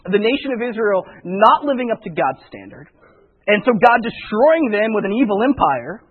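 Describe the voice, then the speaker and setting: A man's voice: high voice, big pitch swings, moderate pace, slightly rough. A man preaching a conversational sermon, often repeating words as he thinks it through. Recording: tinny phone-like radio broadcast.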